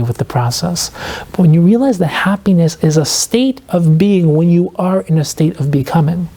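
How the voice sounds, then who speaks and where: A man, an author guesting on a podcast, explaining his ideas earnestly and reflectively, slowing down to stress key points. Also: on the high side, dark tone, breathy edge. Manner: fills speech with "like" and quoted inner questions.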